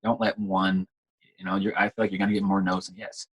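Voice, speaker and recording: A man's voice: low-pitched, flat delivery, a little fast, husky, poor audio. A man chatting casually as an interview guest, laid-back and slangy, repeating words as he talks. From United States. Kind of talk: casual conversation.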